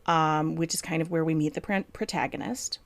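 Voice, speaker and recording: Woman, book editor co-host, low gravelly voice, thoughtful, lots of ums, dry close sound. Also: steady tone, brisk, no echo. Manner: thoughtful, explains with many ums. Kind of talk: casual explanatory chat.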